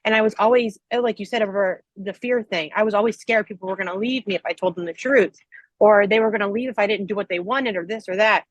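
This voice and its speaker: A woman's voice: medium pitch, fast, no room sound, highs cut off. A woman hosting a podcast in a casual, candid chat, talking in an earnest and reflective way with frequent "um" and "like". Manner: earnest and reflective, with 'um' and 'like'. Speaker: podcast host.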